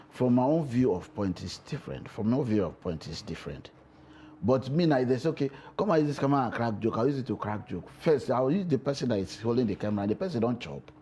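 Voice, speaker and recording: A man's voice: medium pitch, slight background noise. A man with a Nigerian accent, a comedian talking animatedly in a TV interview and slipping into pidgin. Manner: animated, mixes pidgin into English. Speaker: comedian guest. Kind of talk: TV interview talk.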